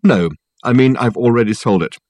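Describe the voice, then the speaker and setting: A man's voice: mid-range voice, a little mellow, no echo, voice pushed up, close to an everyday voice. Brief: male reader doing a poised aristocratic matriarch, sugary yet cutting, dry close sound. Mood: sweetly brisk. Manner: briskly sweet, coolly in control. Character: brisk, sweetly ruthless older aristocratic mother.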